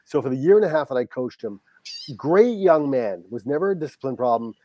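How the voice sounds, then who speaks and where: Earnest middle-aged coach telling a story. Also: male voice, mid-range voice, expressive, brisk, warm tone, slight background noise. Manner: earnest, heartfelt, reenacts dialogue. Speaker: high school football coach, guest. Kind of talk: podcast interview storytelling.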